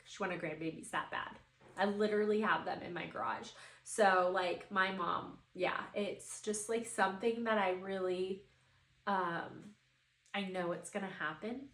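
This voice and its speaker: A woman's voice: mid-range voice, steady tone, a little slow, a bit bright. A woman in her thirties hosting a podcast, telling a personal story in an emotional, heartfelt way with many fillers. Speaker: podcast host. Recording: echoey room.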